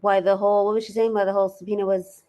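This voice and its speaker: A woman's voice: medium pitch, little pitch movement, rapid-fire, mellow. A woman co-hosting a casual livestream, chatty and addressing viewers as y'all while reading filings aloud. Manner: chatty, says y'all, reads letters aloud.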